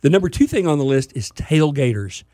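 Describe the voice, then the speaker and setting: A man's voice: on the high side, big pitch swings, a little fast, dark tone, no echo, clean studio sound. A man co-hosting a weekend radio show, chatting casually and reading out phone numbers. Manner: reads phone numbers and web address, easygoing.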